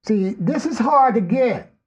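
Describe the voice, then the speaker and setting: A man who is losing his voice, hosting a spiritual discussion group in a strained, hoarse tone and stressing points with frequent "okay?". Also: very high-pitched, animated, a little slow. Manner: emphatic, keeps asking "okay?". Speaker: host and teacher.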